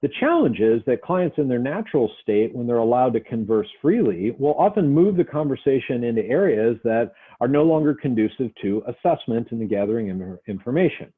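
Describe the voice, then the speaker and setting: A man explains a lesson in a relaxed, conversational way, now and then acting out both sides of an exchange. His voice sits at a middling pitch, and the audio is narrow and tinny, as if heard over a phone. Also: brisk, hardly any pauses, slightly rough. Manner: conversational, acts out example dialogues. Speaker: instructor. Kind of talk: recorded lecture.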